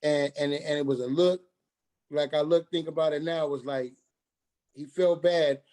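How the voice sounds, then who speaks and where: A middle-aged man, telling his own story on a radio show, halting and restarting as he acts out what others said. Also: a little high, steady tone, warm tone. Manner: halting, repeats and restarts, quoting others in dialogue.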